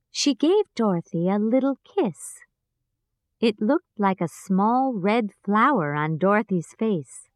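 A woman's voice: medium pitch, big pitch swings, takes it slowly, no echo. A woman reading a children's story aloud carefully, as a storyteller. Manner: careful, clearly paced for learners.

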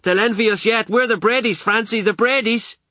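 A man voicing an excitable mother who chatters rapidly in a high, sing-song way. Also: no echo, clean studio sound. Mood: excited.

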